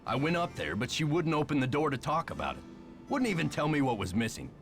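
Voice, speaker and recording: A man's voice: fairly high pitch, huge pitch swings, quick pace, a bit bright, full character voice. An actor playing a grumbling, put-upon male caretaker of a castle in a mystery game. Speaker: game character. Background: game music.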